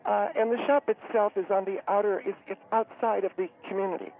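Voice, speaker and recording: A man voicing a high-strung, well-to-do woman who talks haltingly with many fillers. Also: fairly even intonation, a little hiss or hum. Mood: hesitant. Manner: halting, hesitant, many fillers, later panicky and breathless. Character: fussy upscale woman, community spokeswoman, high-strung. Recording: tinny phone-line radio sound.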